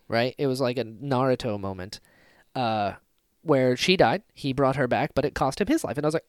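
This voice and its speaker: A man in casual conversation on a podcast, his voice pitched a bit high and swinging widely as he gets worked up. He acts out moments with sudden loud exclamations. The sound is dry and close, with no room behind him. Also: clean tone, no echo. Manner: excitable, acts out scenes with sudden loud outbursts. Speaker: podcast co-host. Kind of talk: casual fan discussion podcast.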